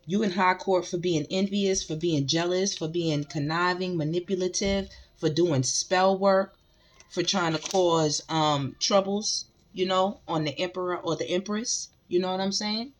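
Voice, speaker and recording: A woman reads tarot cards for her viewers in a casual, emphatic way, circling back to repeat her points. Her voice sits slightly low. A faint background noise and a few clicks run under the recording. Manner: emphatic, repeats phrases, addresses the collective directly. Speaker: tarot reader. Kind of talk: casual spiritual reading to viewers.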